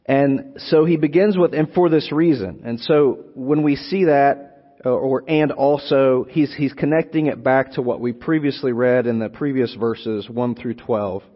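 A man preaching an expository sermon, teaching slowly and deliberately, lingering on single words and repeating phrases for emphasis. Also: mid-range voice, soft background music. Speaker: preacher teaching on a Bible letter. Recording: long hall reverb, dull lo-fi sound.

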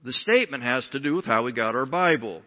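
A man preaching a sermon as pastor, emphatic, swinging between sudden loud rises and quiet drops. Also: mid-range voice, lively intonation, quick pace. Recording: dull sound with long hall reverb.

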